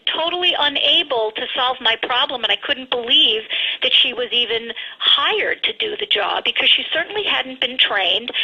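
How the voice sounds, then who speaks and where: Bright, husky woman on a dull phone line. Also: a little high. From United States. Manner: emphatic, advice-giving, frank opinions. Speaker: phone skills trainer, radio guest. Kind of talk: radio interview over the phone.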